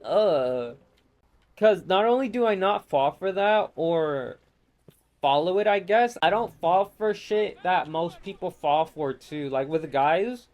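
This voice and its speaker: Ranting loosely and profanely over gameplay, a man with a fairly high voice wanders unscripted from gripe to gripe as if addressing his channel. He sounds animated yet slow-paced. His tone is a little mellow.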